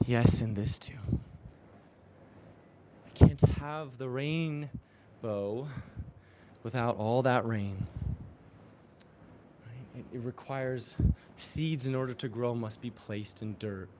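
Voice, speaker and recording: A man's voice: medium pitch, slow pace, dark tone, a little hiss or hum. A man exercising during a live-streamed motivational talk, earnest and affirming, often chuckling. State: exercising while talking. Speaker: spiritual coach.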